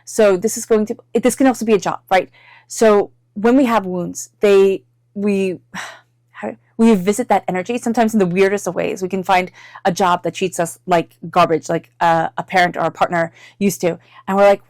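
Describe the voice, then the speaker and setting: A woman's voice: mid-range voice, moderate pace, no room sound, clean studio sound. Chatty woman giving a tarot reading. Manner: chatty, animated, many "like" fillers, acts out inner voices. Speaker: tarot reader. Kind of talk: intuitive tarot reading monologue.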